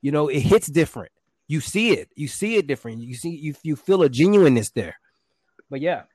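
Animated man telling a story. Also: fairly high pitch, fairly quick, no echo. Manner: animated, acts out quotes with shouts and pants. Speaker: guest, stage performer. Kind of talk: casual interview storytelling.

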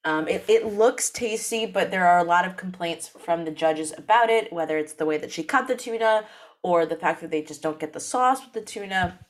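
A woman co-hosting a podcast, chatting in a lively way and often laughing. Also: lowish voice, moderate pace. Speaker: podcast co-host. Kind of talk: casual chat.

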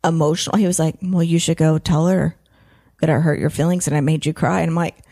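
Southern lady podcast host, kinda low voice, rambles and cusses, acts out what ppl said. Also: flat delivery, quick pace, warm tone. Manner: rambling, swears freely, acts out quotes. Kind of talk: casual chat. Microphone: headphones.

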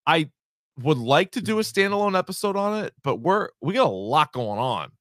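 A man's voice: a little high, normal speed, dry recording, studio quality. A man in his thirties co-hosting a podcast, chatting casually, swearing freely and telling stories with energy. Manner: swears freely, animated storytelling. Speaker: podcast co-host. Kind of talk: casual chat.

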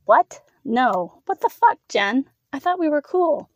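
A woman's voice: medium pitch, a little fast, vocal fry, darkish tone, slightly rough, no room sound, highs cut off. A woman voicing a flustered young man who stammers, pleads and protests. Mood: outraged.

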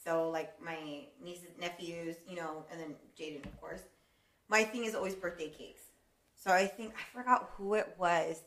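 A woman co-hosting a casual chat, animated, swearing freely and laughing often. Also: lowish voice, normal speed, roomy sound, a little hiss or hum. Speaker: co-host.

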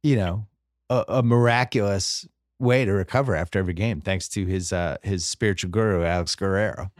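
Here the football podcast host's voice is on the low side and brisk, with studio-quality sound and no room noise. His casual chat is wry and rambling, full of self-interruptions and restarted sentences.

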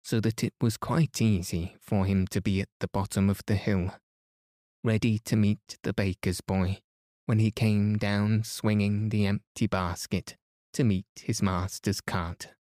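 A man narrates a bedtime story in a calm, soothing way. His voice is lowish and very slow, and the recording is close and dry with no room sound. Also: no room sound. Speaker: podcast host and reader.

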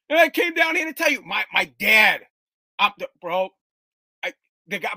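A man's voice: high-pitched, a little fast, gravelly, no room sound. A middle-aged man from Massachusetts telling casual, profane, rambling stories as a podcast host. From Woburn, Massachusetts, US. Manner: rambling, animated, swears freely, restarts often.

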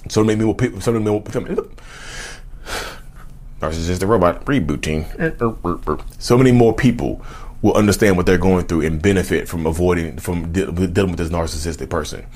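A man's voice: sits low, a little fast, long pauses, darkish tone. A man talking on his own channel, a casual monologue with a repetitive, preachy delivery that keeps calling viewers y'all. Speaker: channel host.

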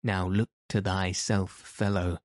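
A man's voice: low voice, level tone, slow, dry recording, studio quality. A man reading as a fearless stubborn tanner. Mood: heated. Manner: defiant, archaic retorts.

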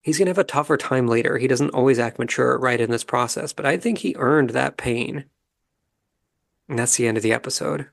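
A man hosting a podcast, giving a calm, measured, analytical commentary as he recaps a reality show episode. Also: mid-range voice, creaky. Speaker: podcast host.

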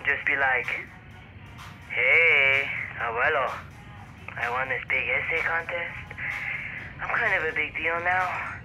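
A man's voice: a little high, fairly even intonation, slow, pauses often, music in the background, low-quality recording. An actor playing a cocky, joking teenage boy who teases his best friend, in a scripted audio drama. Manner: brash, teasing, swaggering.

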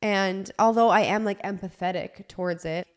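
A woman's voice: medium pitch, fairly even intonation, moderate pace. A woman hosting a casual group podcast chat, talking in an emphatic, advice-giving way.

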